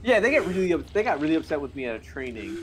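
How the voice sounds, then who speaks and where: Slangy, rambling man, fairly high voice. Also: sing-song, very fast. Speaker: guest co-player. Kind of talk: casual let's-play banter.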